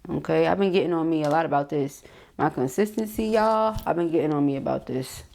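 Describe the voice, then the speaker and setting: A woman's voice: sits low, fairly quick, gravelly, darkish tone, a little hiss or hum. A woman giving a casual tarot reading, reading card affirmations aloud and chatting with viewers. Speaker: tarot reader.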